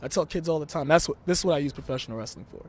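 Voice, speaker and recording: A man's voice: fairly high pitch, racing, darkish tone, breathy edge. A young man from Brooklyn, talking brashly and emphatically as a wrestler guest in an interview. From Brooklyn, New York. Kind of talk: interview talk.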